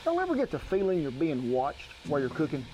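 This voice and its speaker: A man's voice: a little high, wildly swooping pitch, fast talker, over music. A man hosting a cooking show, walking through a recipe in a folksy, homespun drawl.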